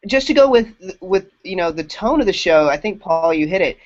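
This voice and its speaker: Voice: mid-range voice, animated, brisk. Rambling podcast co-host, muffled audio. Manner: rambling, lots of fillers and restarts. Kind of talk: casual chat.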